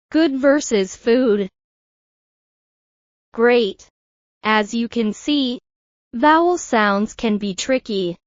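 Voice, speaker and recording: A woman in a scripted pronunciation lesson speaks at a slow, careful pace in a slightly high voice. She models each word deliberately for the learner to repeat. The recording is dry and a bit dull and lo-fi. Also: no room sound. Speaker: English pronunciation teacher.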